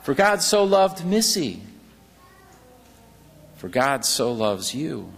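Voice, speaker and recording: A man preaching a sermon as pastor, slow and earnest, reading passages from a book aloud. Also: medium pitch, big pitch swings, vocal fry, big-room sound.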